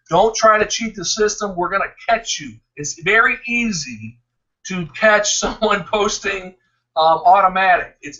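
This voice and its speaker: An excited man rambles through a promotional pitch, laughing and tripping over his words. His voice sits high and bright. He sounds far from the mic on a dull, lo-fi recording. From Ohio. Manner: hyped, rambling, laughs a lot, restarts. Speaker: network marketing promoter.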